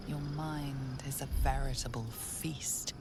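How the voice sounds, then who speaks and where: An actress voicing an ominous female narrator in a video game, speaking slowly in the second person. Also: rumbling low, fairly even intonation, music in the background, exaggerated voice.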